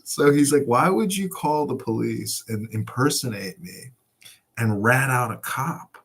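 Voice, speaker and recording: A man's voice: medium pitch, measured pace, creaky, husky. Male podcast co-host, casual chat, loose profane storyteller. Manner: profane, laughing, animated storytelling.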